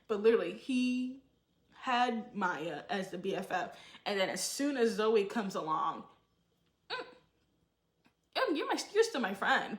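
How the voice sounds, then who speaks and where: A woman giving opinionated casual commentary and acting out quotes with animated emphasis. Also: medium pitch, roomy sound. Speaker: show commentator.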